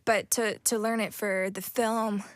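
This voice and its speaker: A young American woman in her twenties, an actress answering interview questions in a soft, thoughtful way with many pauses and restarts. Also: medium pitch, flat delivery, no room sound, clean studio sound. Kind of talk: casual interview chat.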